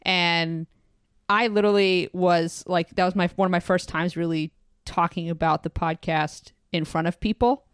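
Low smooth-voiced woman podcast host. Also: fairly even intonation, normal speed, no echo, studio quality. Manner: earnest, appreciative, gently probing. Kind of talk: interview questions and chat.

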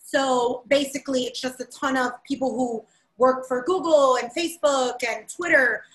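High-voiced woman co-host in an echoey room. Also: normal speed. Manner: chatty, rambling with fillers, animated. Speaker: podcast co-host. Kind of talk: casual chat.

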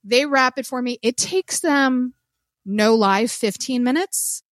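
A woman co-hosting a podcast, telling a story in animated casual chat, cursing freely and acting out what people said. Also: high-pitched, takes it slowly, no echo, clean studio sound. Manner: animated storyteller who swears and acts out quotes. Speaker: podcast co-host.

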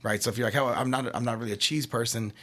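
A man's voice: medium pitch, fairly even intonation, racing, sharp tone. A man from Kentucky who represents a craft brewery, talking casually and explaining things through analogies and acted-out quotes. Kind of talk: casual chat.

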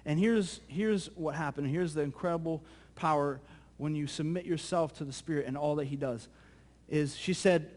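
A male pastor preaching a sermon, telling a story in a lively, conversational way that often repeats words. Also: on the high side, fairly quick. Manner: animated, conversational, repeats words when excited.

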